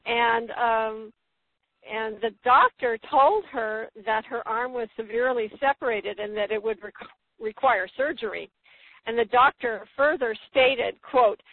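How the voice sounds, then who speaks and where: A woman's voice: steady tone, measured pace. Woman storyteller on a tinny phone line. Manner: emphatic storyteller, acts out quotes with rising pitch. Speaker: guest, spiritual healer. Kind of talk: phone-in radio interview storytelling.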